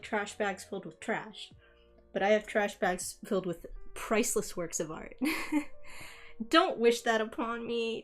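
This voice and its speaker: A young woman streamer chatting casually in her bedroom as she tidies, rambling and poking fun at herself with frequent laughs. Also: medium pitch. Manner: rambling and self-mocking, laughs often. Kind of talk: casual chat while cleaning.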